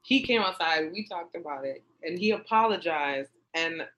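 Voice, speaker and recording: Animated woman telling a wild story. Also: low-pitched, normal speed, slight background noise, poor audio. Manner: animated, acts out quotes in raised voice. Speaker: comedian guest. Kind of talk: casual storytelling.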